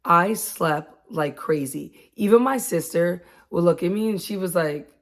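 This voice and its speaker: A woman in her late thirties talking casually about her own experiences, chatty and quick to laugh. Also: lowish voice. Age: 30s. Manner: chatty, laughs often, acts out quotes. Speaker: vlogger. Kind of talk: casual chat.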